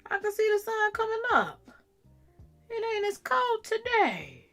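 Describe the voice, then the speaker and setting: A woman's voice: very high voice, wildly swooping pitch, a little slow, a bit bright, soft background music, voice pushed up, full character voice. A woman voicing her sassy female pet dog, who complains about not being taken outside. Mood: complaining.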